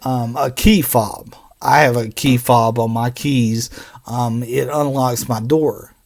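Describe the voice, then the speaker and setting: A man gives a children's phonics lesson and stretches each letter sound out one at a time. He talks at a very slow, unhurried pace. His voice has a gravelly edge. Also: medium pitch, steady tone. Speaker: teacher.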